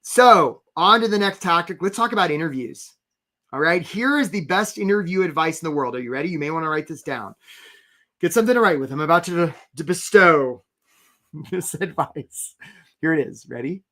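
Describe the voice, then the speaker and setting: A man's voice: fairly high pitch, expressive, normal speed, bright, forceful tone. A man coaching job seekers in a live webinar, chatty and playful, often checking in with his audience. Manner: chatty, keeps checking in with "right?"; playful, theatrical asides. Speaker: career coach.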